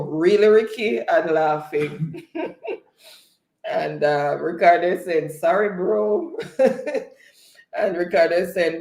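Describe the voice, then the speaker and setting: Slow-talking spelling quiz host. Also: medium pitch, creaky, a little mellow, reverberant. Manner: unhurried, chatty, reads out comments. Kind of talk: live-stream spelling game, reading chat aloud.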